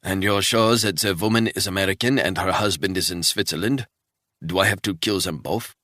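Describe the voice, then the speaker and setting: A man voicing a wary, reluctant Swiss man who speaks quietly and doubtfully. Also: low voice, fairly quick, no echo, studio quality. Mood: uneasy.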